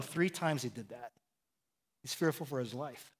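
Chatty middle-aged preacher, slightly high voice. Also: male voice, lively intonation, fairly quick, fairly bright tone. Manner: conversational storytelling, often asks "right?" and chuckles. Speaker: pastor. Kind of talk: sermon.

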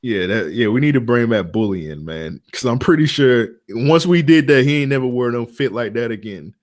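A man's voice: mid-range voice, expressive, normal speed. A man co-hosting a podcast, telling loose slangy stories and laughing often between lines. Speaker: podcast co-host. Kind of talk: casual podcast banter.

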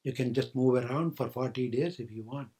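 Brisk and medium-pitched, the older man's voice has a dark tone with a breathy edge. He's a spiritual teacher giving a storytelling sermon, a playful story in which he laughs often and takes on the characters' voices.

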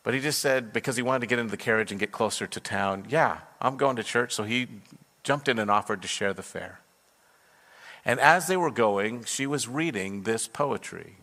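A man's voice: mid-range voice, animated, moderate pace, sharp tone. Earnest male pastor in a reverberant hall. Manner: earnest, storytelling with quoted voices, rising fervent in prayer. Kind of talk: sermon storytelling and prayer. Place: church sanctuary.

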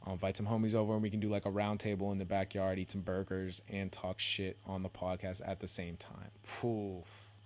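Casual young male podcast host from the Bay Area, slightly low voice, rambling, profane and self-mocking. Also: completely flat delivery, brisk, darkish tone. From San Francisco Bay Area. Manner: rambling, heavy swearing, self-deprecating, laid-back slang.

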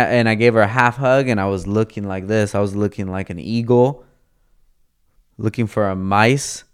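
A man's voice: fairly low pitch, clear, resonant tone. A young man telling a casual, profane story in slang, acting out the lines of the people in it. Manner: profane, laid-back, slangy, acts out quoted dialogue.

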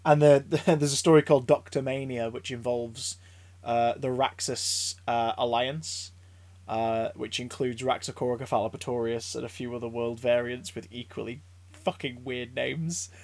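A man chatting casually as a podcast co-host, an excitable storyteller who rambles, stammers and restarts his sentences. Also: medium pitch, normal speed, dry recording. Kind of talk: casual chat.

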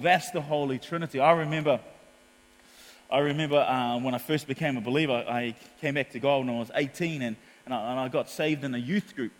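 A man with a New Zealand accent preaching a sermon as pastor, animated in his storytelling. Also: medium pitch, fairly quick, in a large hall. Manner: animated storytelling, acts out quotes.

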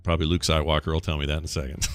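A middle-aged man co-hosting a casual podcast, telling stories and ranting in an animated way. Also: extremely low pitch, racing, faint music behind. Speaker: podcast co-host. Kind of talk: casual chat.

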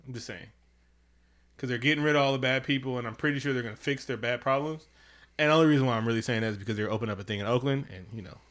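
Man, bright tense voice, casual comedic chat, animated, profane, mocking impressions. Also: medium pitch, racing. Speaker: podcast co-host. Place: home.

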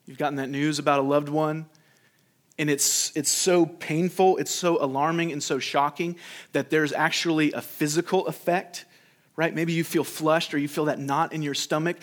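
A man's voice: on the high side, fairly even intonation, normal speed. A man preaching a sermon to his congregation in a conversational way, sometimes acting out the speech of the people in his story. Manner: conversational preaching, voices the disciples in quotes. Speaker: pastor.

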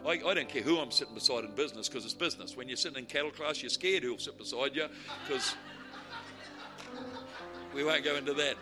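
A man preaching in a lively, joking storytelling manner. He drops to quiet asides, then rises to shouted declarations. His voice sits in a middle pitch, with music playing clearly underneath. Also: fairly quick, pauses often. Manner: humorous, animated storytelling, swings from quiet to shouting. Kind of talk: sermon with stories.

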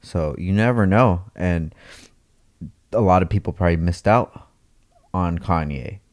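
Male podcast co-host, very low voice, easygoing banter. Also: measured pace. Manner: laid-back, joking, earnest when praising. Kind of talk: casual chat.

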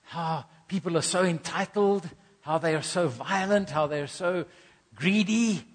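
A man's voice: high voice, a little slow. A middle-aged man from South Africa preaching a sermon, earnest, repeating key phrases and acting out little asides. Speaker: pastor.

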